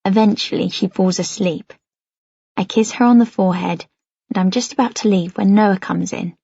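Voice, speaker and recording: Breathy woman narrating a novel. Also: medium pitch, moderate pace, no echo, muffled recording. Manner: intimate, soft-spoken storytelling. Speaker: audiobook narrator. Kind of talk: first-person novel narration.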